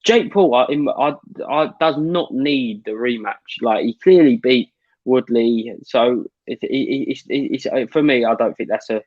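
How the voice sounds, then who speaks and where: A man's voice: medium pitch, moderate pace, no echo. A British co-host who pushes back in a casual debate but stumbles over his words. His voice sounds dry and a little muffled. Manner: hesitant, stammers when pressed. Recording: dull dry mic.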